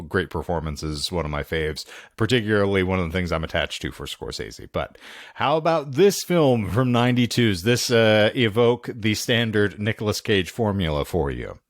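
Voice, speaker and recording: A man with a lowish voice co-hosts a casual podcast, walking through film plots in a loose, rambling way. The sound is dry and close, with no room around it. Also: dry recording. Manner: rambling, filler-heavy film recaps. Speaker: podcast co-host. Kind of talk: casual chat about films.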